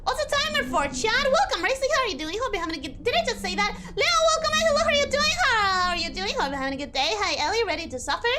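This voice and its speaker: A young adult woman streaming a game, chatting casually with her chat, excitable, laughing often and repeating herself. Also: very high voice, fast talker, few pauses, heavy background noise. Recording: music playing in the background.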